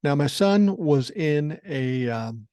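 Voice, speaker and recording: A man's voice: on the high side, lively intonation, takes it slowly, dark tone, dry recording. A man in his sixties from Minnesota, a podcast host telling family stories in a blunt, profane, wry way. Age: 60s. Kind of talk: casual storytelling. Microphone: podcast microphone.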